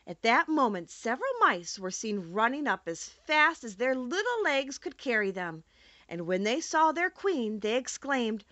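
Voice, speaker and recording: A woman reading a classic children's story aloud as an audiobook narrator, expressive and measured. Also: on the high side, dry recording.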